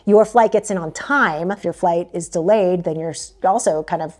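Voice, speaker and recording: A woman's voice: lowish voice, moderate pace, darkish tone. A young adult woman giving travel tips in a chatty, casual way, with lots of fillers and frequent laughs. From Philippines-connected American. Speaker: travel vlogger. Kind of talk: casual talk to camera.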